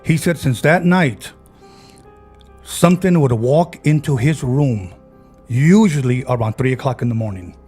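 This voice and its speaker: Husky man retelling a ghost story. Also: medium pitch, animated, a little slow, a little mellow, soft background music. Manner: retells a friend's ghost story, acting out quoted voices. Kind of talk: casual storytelling.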